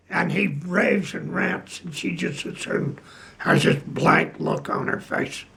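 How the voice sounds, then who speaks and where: Older man with a gravelly, slow voice. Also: fairly high pitch, pushed and bright. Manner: slow, halting storytelling with many fillers. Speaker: retired piano player telling stories. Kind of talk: casual anecdote.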